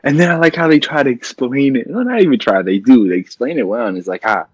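Husky, lively man chatting casually. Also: medium pitch, fast talker, no room sound, highs cut off. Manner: laid-back, laughs often, chimes in. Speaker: podcast co-host. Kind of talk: casual chat.

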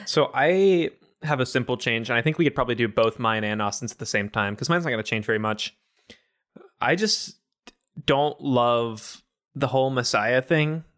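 Casting note: mid-pitched man, animated, profane comic chatter. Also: moderate pace. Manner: joking, swears freely, animated. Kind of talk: casual comedy chat.

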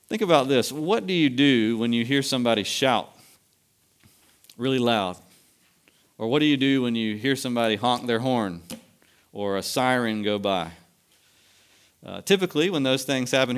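A man's voice: mid-range voice, fairly bright tone, smooth. A middle-aged man preaching a sermon, full of rhetorical questions, his voice rising and dropping for emphasis. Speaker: pastor.

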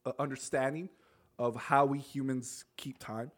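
A man's voice: medium pitch, steady tone, normal speed. Casual, swearing podcast guy. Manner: laughs often, restarts, swears casually. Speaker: podcast co-host. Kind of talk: casual chat, reading notes.

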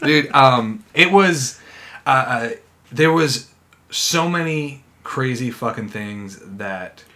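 A man chatting casually on a podcast, telling animated stories with plenty of swearing and laughter. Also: mid-range voice, slow pace. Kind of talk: casual chat.

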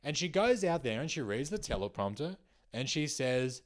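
A young Australian man, a comedian hosting his podcast, delivering a sarcastic, animated monologue and swearing freely. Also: medium pitch, normal speed.

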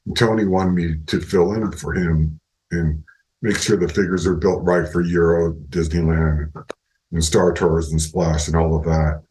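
An older man as an interview guest, telling casual work anecdotes with lively retellings and frequent laughter. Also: sits low, unhurried, rough recording. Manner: animated anecdotes, acts out quoted voices, laughs often. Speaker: interview guest, animatronics animator.

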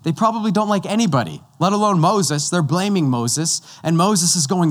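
A man preaching a sermon as pastor, talking conversationally and slowing down to stress key points. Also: high-pitched, lively intonation. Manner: conversational, with slow, emphatic stretches.

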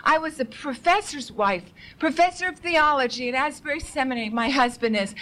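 Fervent high-voiced woman preaching. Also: brisk, hardly any pauses, fairly bright tone, rough recording. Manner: urgent, fervent, rhetorical questions; repetitive, pleading emphasis. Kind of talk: impassioned sermon.

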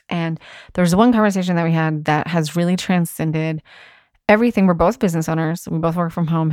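Woman stylist chatting on her podcast, kinda low voice, swears a lot, laughs a lot, dry close mic. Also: no room sound. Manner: chatty, frank, swears freely, laughs often. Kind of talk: casual solo podcast talk.

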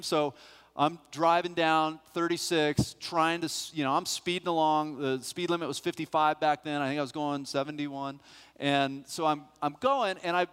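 A middle-aged male pastor telling a personal story as part of a sermon, animated and acting out the voices of the people in it. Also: a little high, normal speed, clear, resonant tone. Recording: long hall reverb.

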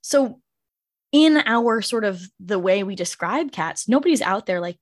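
A woman in her forties co-hosting a podcast, chatting casually in an animated way, laughing often and swearing freely. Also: a little high, moderate pace. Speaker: podcast co-host. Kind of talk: casual chat.

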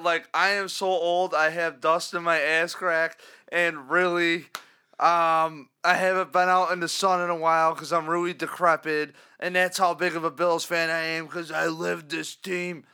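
A man co-hosting a casual sports podcast, ranting with animated asides and mock caller voices. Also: sits high, clear, resonant tone. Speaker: podcast co-host.

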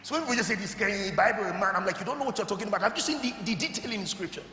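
A man preaching a sermon who keeps asking the congregation if they are listening and climbs into shouted, fervent exhortation. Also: high-pitched, racing. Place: large church hall. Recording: echoey hall with music behind.

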